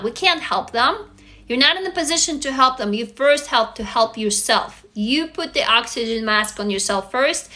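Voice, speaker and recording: Leading a writing group on a casual live stream, this woman in her 40s talks with frank emphasis, cursing freely as she reads out viewers' comments. She has a high voice with a bright, forceful tone.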